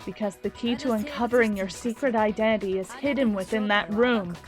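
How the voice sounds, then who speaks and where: A woman voicing a calm, cool-headed young female detective in a game, speaking low, quiet and measured. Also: music in the background, lightly acted.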